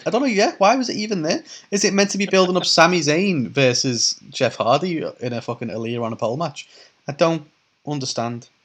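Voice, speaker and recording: A man's voice: a little high, a little fast, a bit bright. Chatty man recounting with laughs. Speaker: podcast co-host. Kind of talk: casual podcast chat.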